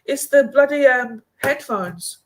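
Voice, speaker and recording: A young woman hosting a live stream, chatty and animated, laughing easily. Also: high voice, takes it slowly, a little hiss or hum. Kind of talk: casual chat.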